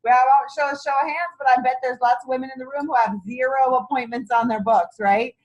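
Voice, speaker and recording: A woman's voice: sits high, fairly even intonation, fast, highs cut off. A middle-aged woman leading a sales team meeting, giving an enthusiastic, folksy motivational talk on booking.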